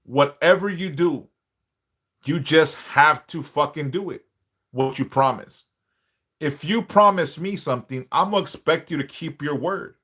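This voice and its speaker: A man's voice: on the high side, measured pace, fairly bright tone, slightly rough. A man hosting a live stream, lecturing bluntly and profanely, driving his points home with repetition and rhetorical questions. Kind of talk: unscripted live-stream monologue.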